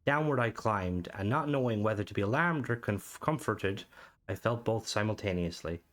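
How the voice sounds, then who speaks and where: Guy doing a put-on voice as a dreamy old-world storyteller, slow and dramatic, fairly low voice. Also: expressive, fairly bright tone. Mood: wistful. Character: grown man recalling a dreamlike boyhood, reflective.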